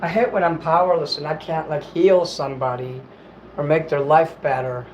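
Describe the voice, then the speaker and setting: A man's voice: a little high, steady tone, moderate pace, a little mellow, highs cut off, slight background noise. Rambling man streaming from home. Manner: rambling, apologetic, swears casually. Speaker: livestream host reading chat. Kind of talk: casual livestream chat while eating.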